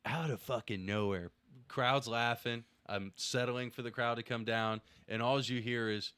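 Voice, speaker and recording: A young adult man co-hosting a podcast, telling excitable comic stories. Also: medium pitch, a little slow, smooth, no room sound. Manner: animated, excitable comic storyteller. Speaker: podcast co-host. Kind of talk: casual podcast chat.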